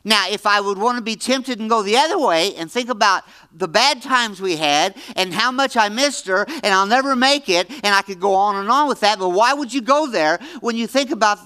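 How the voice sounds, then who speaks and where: A man in his seventies preaching a Bible-teaching sermon, emphatic, repeating phrases and swinging between loud and hushed. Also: high voice, animated, moderate pace, few pauses, clear, resonant tone. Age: 70s.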